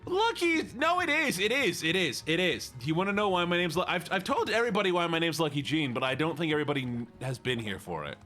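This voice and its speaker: A man's voice: a little high, animated, fast, few pauses, bright, forceful tone, soft background music. A man with a Midwestern American accent chatting casually on a livestream, rambling, laughing often and reading chat aloud. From United States. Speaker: VTuber streamer.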